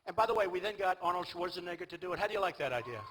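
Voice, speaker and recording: A man's voice: high-pitched, animated, rapid-fire, fairly bright tone, slight background noise, poor audio. A man, giving a boastful, rambling and repetitive rally speech. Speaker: political candidate at a rally. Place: large outdoor rally venue.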